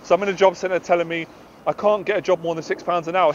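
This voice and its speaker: A man's voice: high-pitched, fairly even intonation, quick pace, highs cut off, slight background noise. A British man, a confidence coach, giving a passionate, emphatic motivational talk to camera outdoors.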